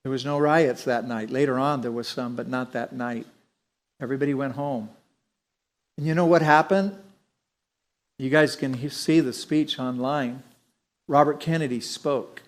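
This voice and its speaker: A middle-aged man leads a Bible teaching in a loose, conversational sermon style. His pitch is ordinary and mid-range, and he often breaks off and restarts his sentences as he explains. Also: moderate pace.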